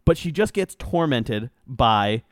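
A man tells a story in an animated, loose way, packing in swearing and fillers. His voice sits at a middle pitch. The sound is dry and close, with no room around it. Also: slow pace, no echo. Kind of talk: casual chat, retelling a reality show.

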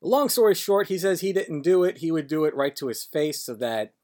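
A podcast co-host whose pitch swings widely, talking loosely and sarcastically. The delivery stumbles and restarts as thoughts come. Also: animated, brisk, darkish tone. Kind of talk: casual chat recapping wrestling.

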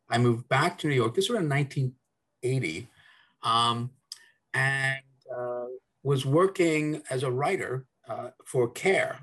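A man from South Africa, middle-aged or older, talking as a guest on a podcast in a rambling way, with restarts and fillers. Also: mid-range voice. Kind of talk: casual interview chat.

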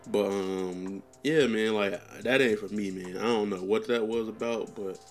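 A man's voice: lowish voice, unhurried, soft background music. A young man hosting a podcast, chatting casually in a rambling, profane way with lots of fillers. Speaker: podcast host. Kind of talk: casual chat.

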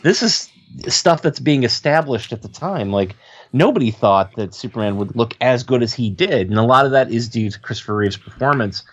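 A man co-hosting a casual podcast, talking in a relaxed, rambling way with many fillers. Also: medium pitch, moderate pace, husky. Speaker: podcast co-host. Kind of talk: casual chat.

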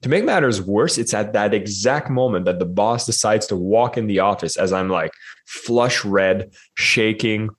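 A man speaking as a podcast guest, telling his story with animated energy and acting out the voices of the people in it. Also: normal speed. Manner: animated, acts out quotes in higher voices. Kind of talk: casual storytelling in a podcast interview.

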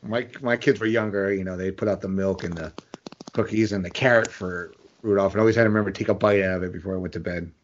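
A man hosting a podcast, telling crude, animated stories and laughing often. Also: sits low, fast talker, highs cut off, a little hiss or hum. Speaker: podcast host. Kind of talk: casual chat.

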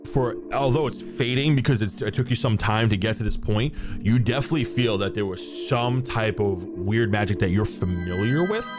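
A man's voice: on the low side, moderate pace, hardly any pauses. A man running a tabletop game, narrating loosely with lots of "like" and "uh". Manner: loose, filler-heavy, "like" and "uh". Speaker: game master. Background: background music.

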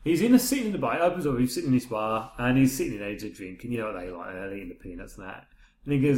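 Man, middle-aged, fast talker, rambling co-host, echoey room. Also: mid-range voice, lively intonation, darkish tone, slight background noise. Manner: rambling, retells scenes with quoted dialogue. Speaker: podcast co-host. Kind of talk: casual chat.

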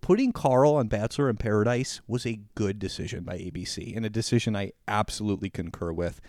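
Man, podcast co-host, animated casual chat, dry recording. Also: on the low side, quick pace, no echo. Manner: animated, laughs often, acts out quotes.

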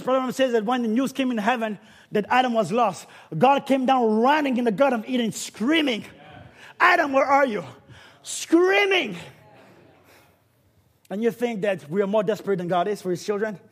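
A man preaches in a very high, husky voice. He swings between hushed stretches and loud, shouted peaks as he drives his sermon home. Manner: builds to shouting, dramatic swings in delivery.

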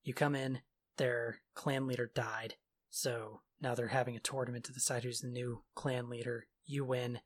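A man's voice: mid-range voice, level tone. A man casually retelling a video game's story in a sarcastic, offhand way. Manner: sarcastic, offhand retelling with quick mock quotes. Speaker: podcast co-host recapping a game story. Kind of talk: casual chat.

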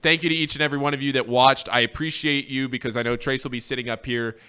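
A man's voice: mid-range voice, steady tone, fast, pushed and bright, clean tone. A man hosting a casual sports radio show, calling a race like play-by-play and speaking earnestly when he looks back on his time there. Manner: earnest and sincere when reflecting. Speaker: radio host.

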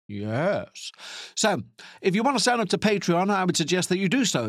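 A man's voice: a little high, no room sound, studio quality. A man with a Liverpool accent hosting a podcast, rambling in a chatty, self-mocking way with playful asides. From Northern England. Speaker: podcast host. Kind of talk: rambling casual podcast chat.

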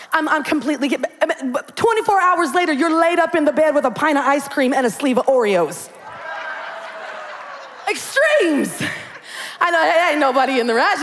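A woman pastor preaching a sermon in an animated, comic way, acting out little quotes. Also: high voice, normal speed. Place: church sanctuary. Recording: long hall reverb.

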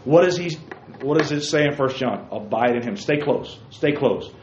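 A man's voice: medium pitch, expressive, moderate pace. A man preaching a sermon to a room of young men, emphatic, repeating key phrases and calling listeners by name. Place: church room with a group. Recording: roomy, dull lo-fi recording with faint noise.

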